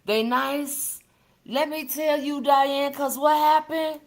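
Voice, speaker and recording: A woman's voice: sits high, steady tone, takes it slowly. A woman talks through a casual livestream. She chats freely with her viewers, greeting them by name and calling them sister and baby as she reads the comments. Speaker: livestream host.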